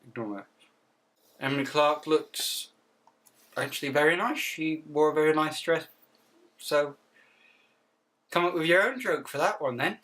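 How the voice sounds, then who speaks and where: A man, delivering deadpan quips about outfits with sudden mock outbursts as a comedy vlogger. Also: fairly high pitch, measured pace, pauses often, far from the mic. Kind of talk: jokey outfit commentary.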